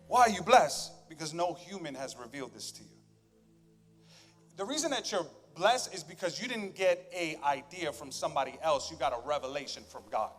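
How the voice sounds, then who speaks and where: Higher-voiced male pastor in a reverberant hall. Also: animated, normal speed. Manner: conversational and joking, swings between loud emphasis and quiet asides. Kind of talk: sermon. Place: church sanctuary on stage. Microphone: stage microphone with monitors. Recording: long church hall reverb, faint music.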